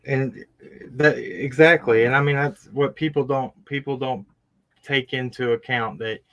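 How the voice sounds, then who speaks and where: A man's voice: medium pitch, fairly even intonation, a little slow, fairly bright tone. A man interviewing someone in conversation, stammering and restarting his sentences as he speaks with sympathy. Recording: dull lo-fi recording.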